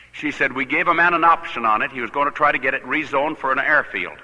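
An older man, a pastor, telling a personal story in a sermon, animated and laughing at his own tale. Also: medium pitch, fast, in a large hall, rough recording.

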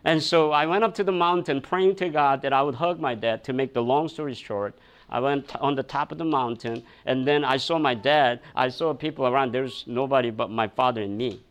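A man's voice: medium pitch, fairly quick, smooth. A male pastor delivers a sermon as a personal story. He talks loosely, full of fillers and restarts, and laughs as he goes.

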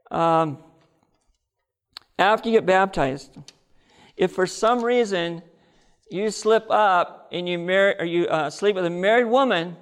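A man's voice: on the high side, gravelly. A man telling his conversion testimony as a sermon, earnest and storytelling, speaking straight to his audience. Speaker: preacher giving his testimony. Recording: long hall reverb.

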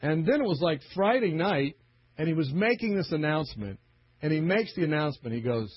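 A middle-aged male preacher tells stories in a husky voice and acts out every character. His pitch sits a little high and swings widely. The recording is dry and dull. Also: lively intonation, fast talker, dry recording. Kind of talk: storytelling sermon.

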